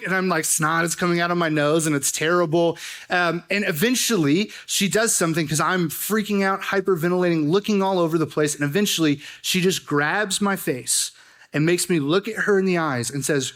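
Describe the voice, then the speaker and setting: A young man preaching a youth sermon, telling stories in a joking, animated way with lots of fillers. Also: high-pitched, fairly quick. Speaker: youth pastor. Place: church youth service.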